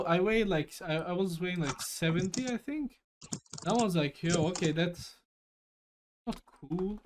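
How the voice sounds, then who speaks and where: A man's voice: high voice, a little hiss or hum. A young man from Germany co-hosting a casual podcast over a voice call, rambling and joking. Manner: rambling, joking, bursts into shouting. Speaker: podcast co-host. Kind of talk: casual chat. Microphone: online voice call.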